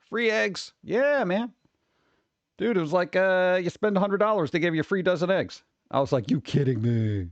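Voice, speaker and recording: Male streamer, casual rambling chat, fairly high voice, dry close mic. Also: no room sound. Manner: rambling, joking, talks to chat. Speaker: streamer host.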